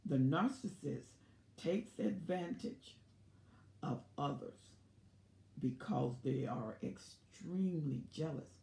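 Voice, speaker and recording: A woman giving a teaching talk, slow and emphatic, acting out examples. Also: low voice, lively intonation, creaky, mellow. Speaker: teacher on narcissism. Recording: echoey room.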